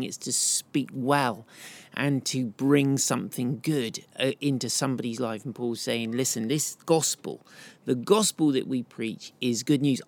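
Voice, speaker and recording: A middle-aged man, giving an earnest, chatty Bible talk while walking outdoors. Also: mid-range voice. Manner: warm, earnest, chatty with asides. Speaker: podcast host and Bible teacher.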